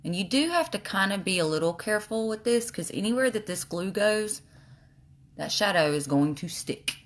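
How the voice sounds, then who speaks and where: A woman's voice: medium pitch, lively intonation, moderate pace. A woman with a slight lisp, chatting casually while showing makeup on a livestream. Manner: chatty, reads viewer comments aloud.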